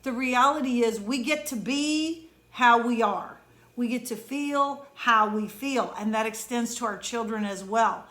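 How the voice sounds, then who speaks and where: A woman hosting a motivational pep talk as an emotion coach, speaking earnestly and conversationally and slowing down to stress key words. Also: fairly high pitch, fairly bright tone.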